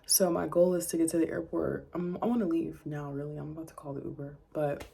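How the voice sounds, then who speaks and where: A young woman talks to the camera in an easygoing travel vlog, her voice low, dark and mellow. She rambles, laughs often and corrects herself as she goes. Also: fairly even intonation, fast, vocal fry, breathy edge. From New Orleans, USA. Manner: chatty and rambling, with frequent laughs and self-corrections. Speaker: flight attendant vlogger.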